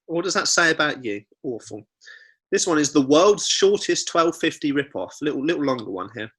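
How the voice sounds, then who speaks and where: Bright-voiced man, jokey podcast host. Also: on the high side, lively intonation, moderate pace, husky. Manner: jokey, reads reviews aloud with asides. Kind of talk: casual comedic chat.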